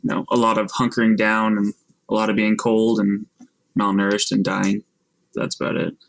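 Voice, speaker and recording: A man's voice: on the low side, completely flat delivery, normal speed, gravelly, no room sound, low-quality recording. A man co-hosting a podcast in casual chat, hedging and unsure as he recalls facts. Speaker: podcast co-host.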